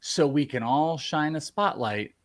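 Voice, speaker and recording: A man co-hosting a sports podcast in casual chat, animated and opinionated. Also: a little high, unhurried. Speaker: podcast co-host.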